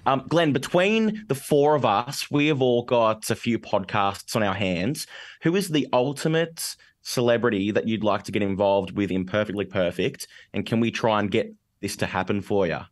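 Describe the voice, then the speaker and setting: A podcast co-host chats casually, joking and poking fun at himself. His voice is on the low side, expressive, and delivered at a normal speed.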